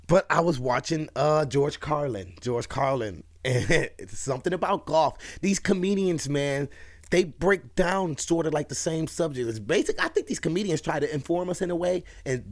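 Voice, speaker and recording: A man casually reacting to comedy clips, rambling and laughing along. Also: medium pitch. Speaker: reaction video host.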